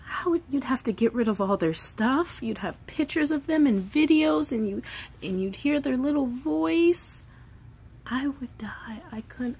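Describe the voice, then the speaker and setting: A woman's voice: on the high side, creaky, breathy edge. A woman in her thirties, a mother of three, talking candidly and emotionally in a casual vlog monologue, swearing freely.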